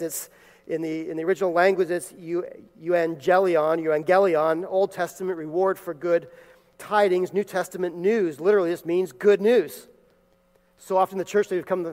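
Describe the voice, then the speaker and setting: Brief: male pastor, emphatic sermon delivery, high voice, long church reverb. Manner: emphatic, building to loud peaks. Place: church sanctuary.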